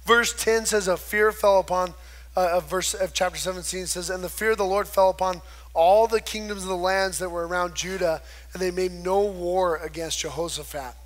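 A man's voice: high voice, steady tone, moderate pace, a bit bright, faint music behind. A man preaching a conversational sermon, retelling scripture and acting out the quoted voices. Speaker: pastor.

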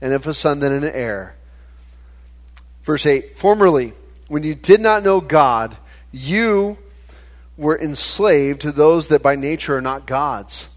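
Animated, higher-pitched male pastor preaching. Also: takes it slowly, pauses often. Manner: conversational, animated preaching with stammered restarts. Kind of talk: sermon.

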